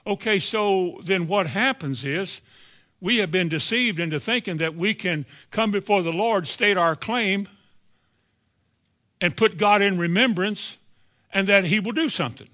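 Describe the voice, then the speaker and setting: A man's voice: sits high, unhurried, sharp tone. A man preaching a sermon at a church service, emphatic and sometimes sarcastic, firing rhetorical questions at his listeners. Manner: sarcastic asides.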